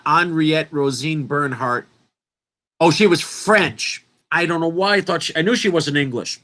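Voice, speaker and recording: A man's voice: mid-range voice, fairly bright tone. A man presenting an informal lecture, talking in an emphatic, rambling way and interrupting himself often.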